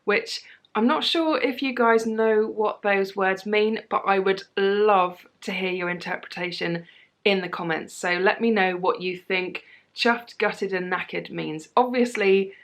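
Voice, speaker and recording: A young British woman with a British accent chatting casually to camera in a tag video, lively and quick to laugh. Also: medium pitch. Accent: British English. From Britain. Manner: chatty and animated, laughs easily. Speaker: vlogger.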